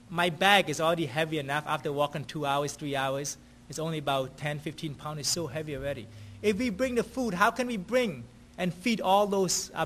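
A man with a high voice delivers a sermon. He reads scripture aloud, then moves into storytelling, and he keeps checking in with his listeners by asking "right?". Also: a bit bright. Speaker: preacher.

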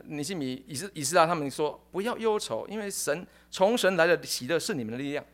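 A man preaching a sermon in short phrases, animated and emphatic, often repeating his words. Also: on the high side, fast. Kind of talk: sermon with live interpretation.

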